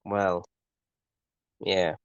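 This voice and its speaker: A man co-hosts a home stream, reading out viewers' comments in an easygoing way. His voice is low and smooth, and he speaks slowly. The sound is dry and close. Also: little pitch movement, no room sound, lo-fi sound. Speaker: co-host reading chat. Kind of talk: casual live-stream chat.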